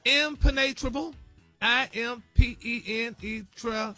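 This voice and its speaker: Lively high-voiced man on morning radio. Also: normal speed, over music. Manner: confident, animated, laughs at himself. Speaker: radio show regular, word of the week segment. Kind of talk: comic radio banter.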